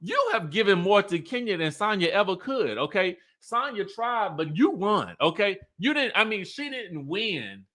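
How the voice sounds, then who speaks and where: Sassy, chatty man with a bright voice. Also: high-pitched, big pitch swings, normal speed, hardly any pauses. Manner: sassy, chatty, full of asides; laughs at his own remarks. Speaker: reality TV recap host. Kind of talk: casual show recap commentary.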